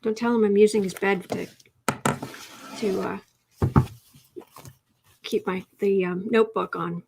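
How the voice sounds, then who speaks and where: A woman hosting a casual tarot livestream, chatting with viewers, reading their comments aloud and cooing softly to her cat. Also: mid-range voice, steady tone, measured pace, creaky, pauses often, background noise. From United States. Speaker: tarot reader and livestream host.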